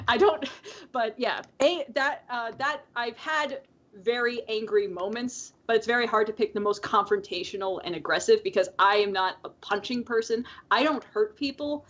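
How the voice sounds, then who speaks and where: A woman's voice: fairly high pitch, normal speed, a bit bright. A woman co-hosting a podcast in casual chat, rambling with lots of fillers and frequent laughs. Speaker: podcast co-host. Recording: dull lo-fi call audio.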